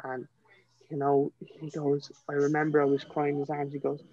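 A man's voice: on the high side, monotone, normal speed, a little mellow, dry recording, highs cut off. A young man with a Dublin Irish accent, a podcast guest telling his personal story in an earnest, emotional way, often saying "you know". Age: young adult.

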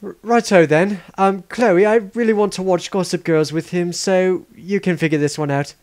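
A man's voice: steady tone, darkish tone, close to an everyday voice. A man doing a jittery, stammering henchman. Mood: hesitant. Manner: high, hurried and stammering. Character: nervous, sleazy young male henchman. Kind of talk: comedic fan parody voice acting.

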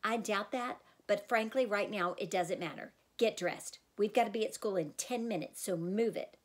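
A woman voicing a brisk mother who turns firm and clipped, her voice low and tense. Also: lightly acted. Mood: stern. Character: brisk worried mother, stern when angry.

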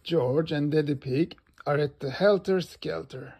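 Slow, gravelly man reading a children's book. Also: a little high. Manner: slow and animated. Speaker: storybook reader.

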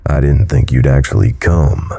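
A scared, secretive young man in a spoken horror story, as a deep-voiced narrator puts him on. His voice is very low and rough, with a husky, breathy edge and a dark tone. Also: normal speed, faint music behind, heavily acted. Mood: frightened.

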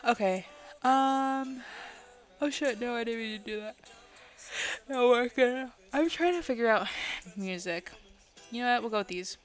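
Young woman gaming streamer, slightly high voice, loose and profane chatter, faint music underneath. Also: a bit bright. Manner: swears freely, blurts exclamations, rambles to chat. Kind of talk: casual live-stream chat while playing.

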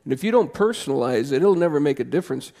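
Guy preaching in church, gravelly, kinda high voice, gets loud and fired up. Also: lively intonation. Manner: impassioned, conversational preaching with quick swings to loud emphasis. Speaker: pastor. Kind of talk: sermon. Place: church sanctuary.

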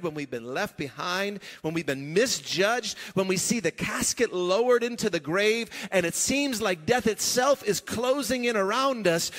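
A man with a high voice preaches in a church sanctuary, and his words ring with a long hall reverb. He talks conversationally and with emphasis, breaking into chuckles and starting lines over. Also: fairly bright tone. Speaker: pastor. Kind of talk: sermon.

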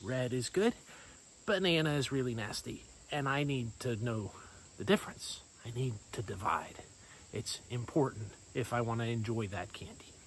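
A man giving a sermon as a pastor, in a playful, conversational storytelling manner with lively swings in voice. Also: mid-range voice, normal speed, a little hiss or hum, poor audio.

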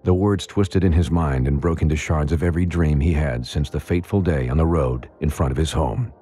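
A man narrating an audiobook in a dramatic, measured storytelling manner. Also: a bass voice, mellow, slightly rough. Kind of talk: scripted narration.

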